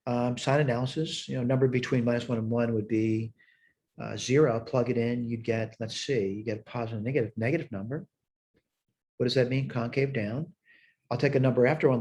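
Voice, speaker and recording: A man with a medium-pitched, darkish voice teaches math, narrating his thinking as he works problems one step at a time. The lesson is a recorded walkthrough done at a whiteboard with screen sharing.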